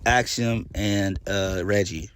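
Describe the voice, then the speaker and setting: A man's voice: fairly low pitch, slow pace, fairly bright tone, slight background noise. A man giving a casual solo review of a wrestling show, blunt and exasperated, swearing freely and trailing off into fillers.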